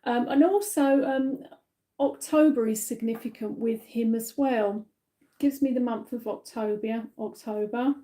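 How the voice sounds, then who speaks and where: A woman from the UK giving a live-stream psychic reading, gentle and reassuring, with many fillers and tag questions, a little tired. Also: fairly high pitch, steady tone, a little slow. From United Kingdom. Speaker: psychic medium.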